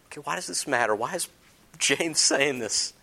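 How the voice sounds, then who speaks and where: A man's voice: a little high, lively intonation, normal speed, gravelly, slightly rough. Dramatic storytelling male pastor. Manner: dramatic shifts from loud to hushed, storytelling with humor; asks the congregation questions. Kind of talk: sermon.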